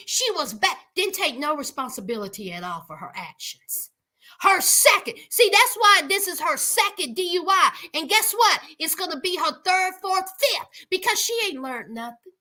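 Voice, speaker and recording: Sassy, animated woman recapping TV. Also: very high voice, measured pace. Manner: sassy, emphatic storytelling. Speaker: reality TV recap vlogger. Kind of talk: casual recap commentary.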